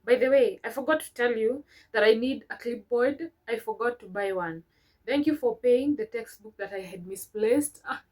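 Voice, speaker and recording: A woman's voice: a little high, moderate pace, darkish tone, poor audio. A young woman, a vlogger reading her old letters aloud and breaking off to chat about them sentimentally. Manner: sentimental, chatty asides between read lines.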